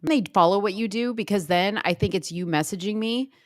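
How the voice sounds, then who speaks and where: A woman co-hosting a casual livestream chat show, reacting to videos with loud exclamations and low mutters. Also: a little fast, no room sound, studio quality. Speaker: co-host.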